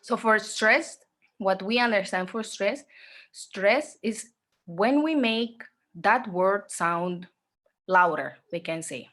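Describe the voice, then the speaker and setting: A woman teaching an online exam-prep class, speaking slowly, repeating herself and often checking in with "okay?". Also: medium pitch, expressive, a bit bright. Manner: slow, repetitive, checks in with "okay?".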